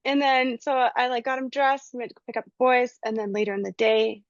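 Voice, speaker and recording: A woman with a fairly high voice, speaking a little fast, shares a personal spiritual experience as a guest in a casual chat. She tells it with animation, acting out the voices of the people involved. The recording is dry, with a slightly dull lo-fi sound.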